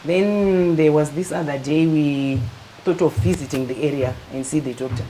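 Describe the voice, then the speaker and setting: A middle-aged woman calmly telling her personal story as an interview guest. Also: sits low, normal speed, a little hiss or hum, poor audio. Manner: calm, matter-of-fact, acts out quoted dialogue.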